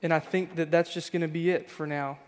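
Pastor, a man in his thirties, with a fairly high voice and an earnest, searching sermon delivery in a church hall with long reverb. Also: flat delivery, brisk. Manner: earnest, reflective, repeating rhetorical questions. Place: church sanctuary.

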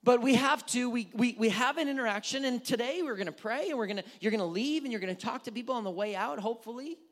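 Speaking with an extremely high pitch at a quick pace, a pastor delivers a casual, conversational sermon. He's animated, acting out little dialogues in shifting tones.

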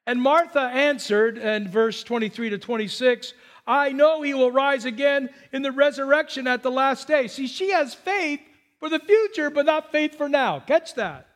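Male pastor, high voice, animated sermon delivery, loud peaks and hushed asides. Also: normal speed. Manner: animated, shifts between loud high emphasis and quiet low asides.

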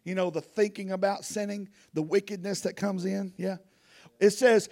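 A man preaching a sermon outdoors in a folksy, animated way with casual grammar. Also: high voice, normal speed. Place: outdoors, wind blowing.

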